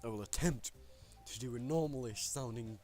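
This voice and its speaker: A man's voice: mid-range voice, normal speed, darkish tone, faint music behind. A young man hosting a let's play, reading game text aloud with casual, profane, self-mocking commentary. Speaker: gaming channel host.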